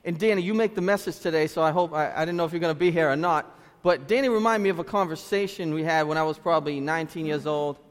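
A man in his thirties from Lynn, Massachusetts, with a Boston-area accent, preaching a sermon as a pastor through animated storytelling with street slang. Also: on the high side, quick pace. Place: church sanctuary. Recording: reverberant church hall.

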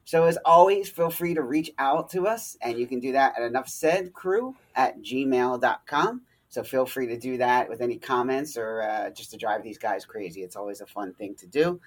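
A man's voice: medium pitch, animated, moderate pace, hardly any pauses. A man hosting a casual sports podcast, teasing his co-hosts and laughing often. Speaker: podcast host.

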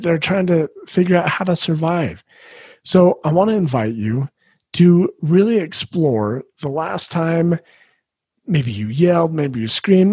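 A man's voice: a little high, a little mellow, breathy edge, no echo. A man coaching parents, talking earnestly and asking the listener questions. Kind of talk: talk to parents.

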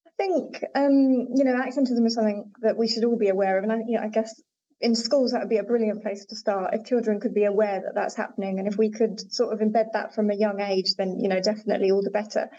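A woman's voice: mid-range voice, steady tone, fast talker, warm tone. A woman linguistics researcher answering interview questions thoughtfully, with frequent fillers and hedges. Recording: dull lo-fi audio with faint noise.

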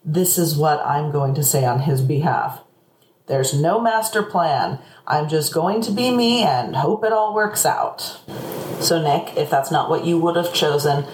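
Quick, playful woman podcast host in an echoey room. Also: low voice, a little mellow. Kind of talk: casual recap monologue. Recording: echoey room with faint noise.

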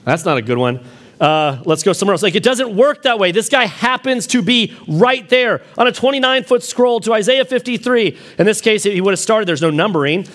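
A man preaching a sermon, reading scripture in a low, slow voice and rising when he presses a point. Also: expressive, a bit bright. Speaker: pastor.

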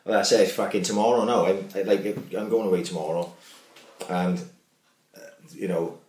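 Casting: very low-voiced man, chatty podcast co-host, cursing freely, echoey room. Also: fairly even intonation, moderate pace, darkish tone. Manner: sweary, storytelling, keeps asking "do you know what I mean". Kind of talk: casual chat. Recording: roomy echo.

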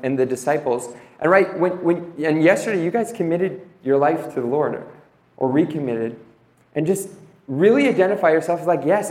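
A man's voice: on the high side, a little mellow. Earnest young man giving a religious talk. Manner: earnest, reads scripture slowly and reflectively. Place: room with an audience. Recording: echoey room.

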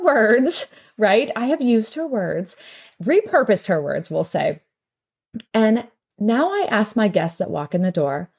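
A woman's voice: medium pitch, a little mellow. Middle-aged lady rambling thru a story, chatty, keeps laughing. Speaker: podcast host and salon owner. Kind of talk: casual storytelling monologue.

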